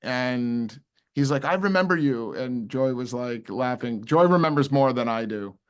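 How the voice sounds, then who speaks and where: A middle-aged man speaks as a guest in a casual interview. He tells stories in an easy, chatty manner at a middling pitch. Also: a little slow, clear, resonant tone. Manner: storytelling, chatty.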